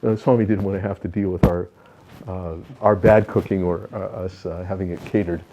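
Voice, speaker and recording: A man's voice: deep voice, steady tone, brisk, warm tone, slight background noise. An older man being interviewed, recounting personal spiritual experiences in an earnest, reflective way, with many fillers and restarts. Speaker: interview guest.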